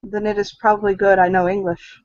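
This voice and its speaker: A woman voicing a quiet, relaxed man in a tabletop game, in her own plain voice. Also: a little fast, no echo, lightly acted. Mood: calm. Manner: plain voice, not the deep rumble she describes. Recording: dull lo-fi recording.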